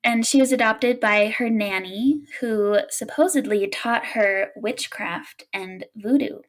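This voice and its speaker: Young woman, podcast co-host, unhurried, higher voice, giggly storytelling. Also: poor audio. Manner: giggly, frequent laughs. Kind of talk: casual chat and storytelling.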